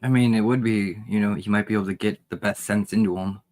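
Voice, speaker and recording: A man taking part in a tabletop role-play, casual and reasoning out loud. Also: lowish voice, fairly even intonation, fast talker. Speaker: player.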